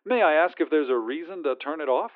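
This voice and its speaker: A man's voice: a little high, lively intonation, fast talker. A man doing a syrupy cheerful phone agent. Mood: sweetly insistent. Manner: syrupy customer-service politeness. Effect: phone filter. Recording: tinny phone line.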